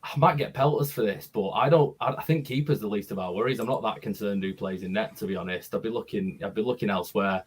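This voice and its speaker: This male caller has a low, husky voice and gives his views in earnest, starting phrases over and over. It sounds like casual phone-in chat. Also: fast talker, few pauses. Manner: earnest, talks in repeated restarts.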